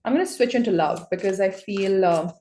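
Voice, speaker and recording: Excitable woman reading tarot, echoey room. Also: mid-range voice, a little fast, a little hiss or hum. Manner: excitable, gushing exclamations. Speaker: tarot reader.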